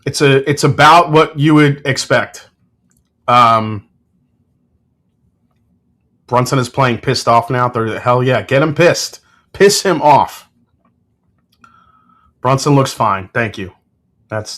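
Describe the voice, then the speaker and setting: A man's voice: medium pitch, animated, takes it slowly, long pauses, pushed and bright. A man hosting a casual whiskey livestream, giving tasting notes, joking with chat and swearing freely.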